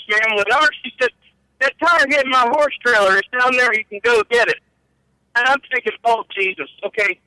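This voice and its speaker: A man's voice: high voice, sharp tone, clean tone, no echo, rough recording. A middle-aged man telling rambling, profane stories about his trucking days and laughing at his own tales. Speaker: guest storyteller. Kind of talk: casual storytelling.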